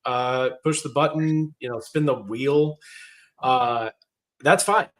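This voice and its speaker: A man's voice: mid-range voice, slow pace, a bit bright. A man in his thirties, a podcast co-host, griping with laid-back profanity in casual chat.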